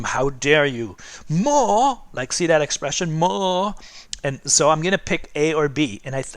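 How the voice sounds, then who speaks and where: A man's voice: fairly high pitch, a bit bright. A middle-aged man teaching art over a drawing demo, chatty and encouraging, checking in with "okay?" and "right?" all the time.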